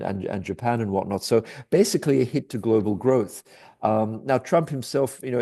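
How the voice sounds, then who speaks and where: A man with a low, gravelly, mellow voice talks through the day's markets while walking through charts. He speaks hesitantly and restarts his sentences often, with plenty of fillers. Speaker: market commentator. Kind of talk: daily market commentary over charts.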